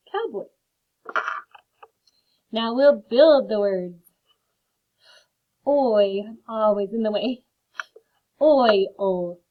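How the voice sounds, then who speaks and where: A woman teaching a phonics lesson to children, slowly sounding out word parts. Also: mid-range voice. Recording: phone-like narrow sound.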